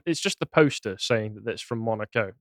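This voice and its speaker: A man's voice: on the low side, lively intonation, a little fast, fairly bright tone, no echo. A man co-hosting a podcast in casual chat, earnest with a dry, wry humour. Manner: earnest, then dryly jokey. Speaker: podcast co-host.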